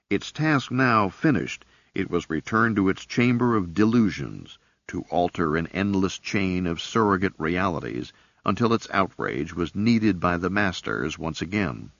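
Deep gravelly male audiobook narrator. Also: no echo. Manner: measured, expressive reading. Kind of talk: scripted narration. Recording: dull lo-fi cassette audiobook.

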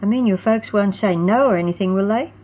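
A woman voicing an eager, bubbly teenage girl who talks in an excited rush. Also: medium pitch, fairly quick, slight background noise, lightly acted. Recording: tinny phone-like sound.

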